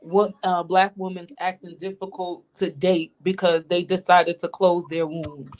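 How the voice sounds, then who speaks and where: A woman's voice: lowish voice, level tone, a little slow. A woman co-hosting a live stream in casual chat, making pointed arguments and asking rhetorical questions. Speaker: livestream co-host.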